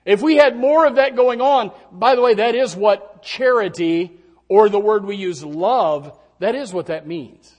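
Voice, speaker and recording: Male preacher, high-pitched, animated conversational sermon style with frequent restarts. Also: measured pace. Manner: animated, pitch rising and falling with emphasis.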